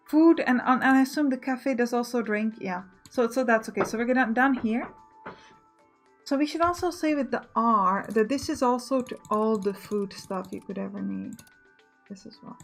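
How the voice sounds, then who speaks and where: Let's play host, female, higher voice, musing and self-correcting, soft music behind. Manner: thinking aloud, self-correcting. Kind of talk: casual gameplay commentary.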